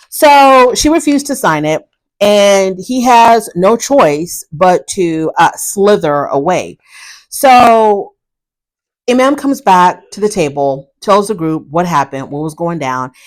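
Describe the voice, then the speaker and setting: A woman recapping a reality TV episode in casual, animated commentary, often acting out what people said. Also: mid-range voice. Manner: animated, opinionated, acts out quotes; frequent fillers and restarts.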